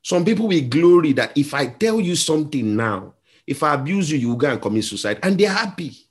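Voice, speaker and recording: A man with a Nigerian accent preaching a sermon as a pastor. He tells stories and acts out the voices in them, moving between quiet and loud. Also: fairly high pitch, animated, brisk. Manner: storytelling, acts out voices in a story, shifts between soft and loud.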